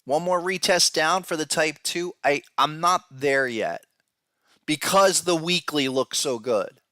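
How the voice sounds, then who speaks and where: A podcast host and trading analyst offers casual market analysis, speaking straight to viewers and often repeating words. His voice is fairly high and sharp, a little slow, recorded cleanly in a studio with no echo.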